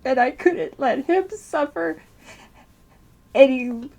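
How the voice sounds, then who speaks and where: Vlogger, a woman, tearful, telling a personal story slowly with nervous laughter. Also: sits high, gravelly, darkish tone. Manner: rambling with restarts, nervous laughter through grief.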